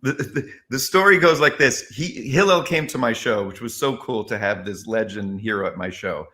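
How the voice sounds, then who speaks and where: A man, a comedian, telling stories in an interview with emphatic, expressive delivery that acts out quotes. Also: lowish voice, moderate pace. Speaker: comedian guest. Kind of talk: animated interview storytelling.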